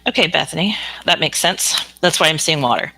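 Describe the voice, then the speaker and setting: Bright, frank woman chatting to viewers. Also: sits low, expressive, a little fast, gravelly, slightly rough. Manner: chatty and frank, answering viewer comments with frequent ums. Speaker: psychic reader hosting a live stream. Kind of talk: casual live stream chat with viewers.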